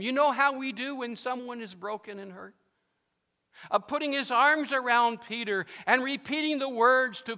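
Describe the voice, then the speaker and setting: A man's voice: very high voice, sharp tone. A male pastor preaching a sermon, emphatic and fond of repeating his phrases, with a long reverb from a large hall.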